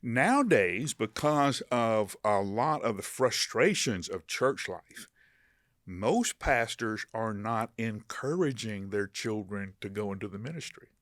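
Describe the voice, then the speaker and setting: An older man hosting a podcast interview, talking in a halting way with many restarts, livening up when he tells stories. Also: on the low side, expressive, fairly bright tone, no echo, studio quality. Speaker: podcast host. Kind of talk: conversational interview.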